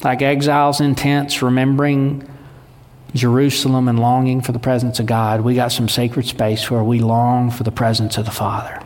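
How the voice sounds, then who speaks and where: Folksy pastor in a reverberant hall. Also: male voice, mid-range voice, level tone, normal speed, darkish tone. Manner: conversational, folksy preaching with y'all. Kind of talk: sermon. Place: church sanctuary.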